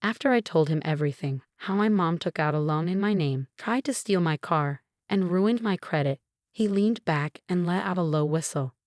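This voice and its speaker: A woman narrating a story in a measured, even way. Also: on the low side, no room sound, clean studio sound.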